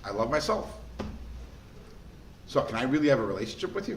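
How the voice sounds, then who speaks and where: Animated male rabbi teaching a class. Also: mid-range voice, a little fast. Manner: animated, asks the class rhetorical questions. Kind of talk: lively lesson to a class. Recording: echoey room with faint noise.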